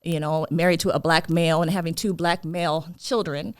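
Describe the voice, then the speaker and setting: A woman's voice: deep voice, steady tone, fairly quick, dry recording, studio quality. A woman coach speaking as a podcast guest, earnest and reflective, often saying "you know". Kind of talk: casual interview talk.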